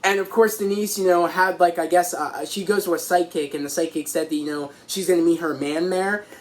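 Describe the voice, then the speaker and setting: A man excitedly recapping a TV episode as a reviewer, rambling and restarting as he goes. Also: a little high, a little fast. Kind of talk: casual recap.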